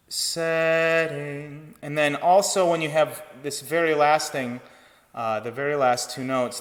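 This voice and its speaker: A man giving an online choir lesson, explaining breath and vowel shape in a relaxed teaching manner. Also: on the high side, in a large hall. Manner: relaxed teaching talk with sung demonstrations. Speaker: choir director. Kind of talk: online vocal technique lesson.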